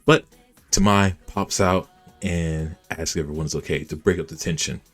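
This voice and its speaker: Deep-voiced man recapping an anime episode. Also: normal speed, faint music behind. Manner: animated, reacts while retelling scenes. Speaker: anime reviewer.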